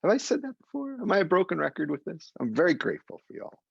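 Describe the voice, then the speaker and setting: A man leading a guided meditation, talking gently and unhurriedly and repeating soothing phrases. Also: sits high, big pitch swings, fast, vocal fry, slightly rough, no echo, dull audio. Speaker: meditation teacher.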